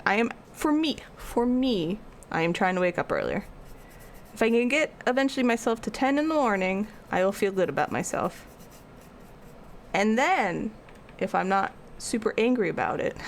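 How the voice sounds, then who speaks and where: Woman, young adult, art streamer, chatty and rambling, gravelly edge. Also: mid-range voice, slight background noise. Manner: rambling and chatty, answering chat. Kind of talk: casual chat with a live stream chat.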